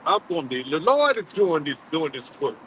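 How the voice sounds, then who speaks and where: High, bright-voiced halting preacher man. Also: sing-song, slight background noise, poor audio. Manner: halting, repeats words, many fillers, calls on a reader. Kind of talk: street-style sermon with scripture reading.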